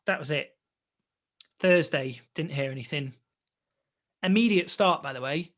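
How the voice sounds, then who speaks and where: Young man, slightly high voice, casual storytelling, lively, acts out the dialogue. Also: unhurried. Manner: lively, acts out remembered conversations. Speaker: guest, stage actor.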